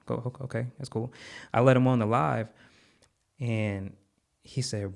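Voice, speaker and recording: A man's voice: mid-range voice, fairly even intonation, moderate pace, vocal fry, long pauses, darkish tone. A man, a podcast guest and content creator, telling an earnest story in conversation, heartfelt, with repeated words and many fillers.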